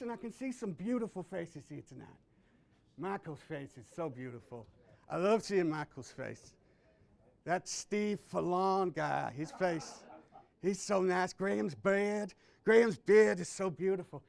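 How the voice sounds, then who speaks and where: A man playing a brash, self-obsessed male copywriting guru in a live stand-up character bit, loudly bossing and bragging to the audience. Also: high-pitched, creaky. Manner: loud, boastful, bossy with audience. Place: live audience event indoors.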